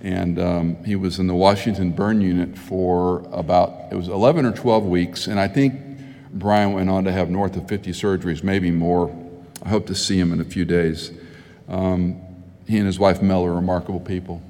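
A man's voice: low voice, fairly even intonation, normal speed, mellow. A middle-aged man preaching a sermon as pastor, telling stories conversationally and growing emphatic. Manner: conversational storytelling, rising to emphatic. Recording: hall with long reverb.

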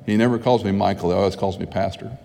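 Man, pastor, sermon, lowish voice, conversational storytelling, long hall reverb. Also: fast, vocal fry, mellow. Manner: conversational storytelling, rising to emphatic.

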